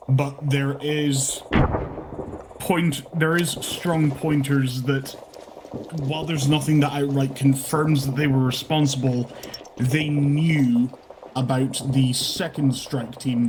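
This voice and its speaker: Guy running a game recap, rambles and corrects himself a lot, mid-pitched voice, noisy voice chat. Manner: rambling, self-correcting explanation. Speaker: game master. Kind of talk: out-of-character mission recap.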